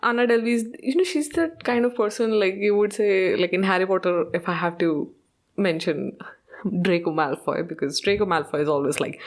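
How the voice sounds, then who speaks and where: A woman's voice: medium pitch, moderate pace. A woman hosting a podcast, chatting casually about a show, mixing in Hindi and laughing often. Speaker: podcast host.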